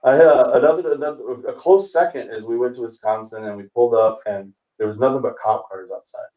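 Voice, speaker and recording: A man's voice: medium pitch, fast. Man in his forties telling a story. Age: 40s. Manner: animated, acts out other people's lines. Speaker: comedian guest. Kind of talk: storytelling anecdote in casual chat. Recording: roomy, distant, dull remote call audio.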